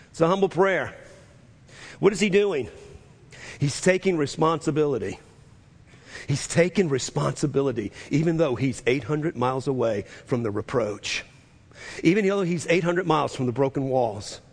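A male pastor preaching a sermon, emphatic and repeating his key phrases, sometimes shouting them. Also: high voice, animated, normal speed. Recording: long reverb of a large hall.

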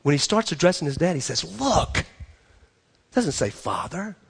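Husky gravelly guy giving a sermon, lively preaching, says things twice for emphasis. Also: fairly high pitch, normal speed. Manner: animated preaching, repeats phrases for emphasis. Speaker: pastor.

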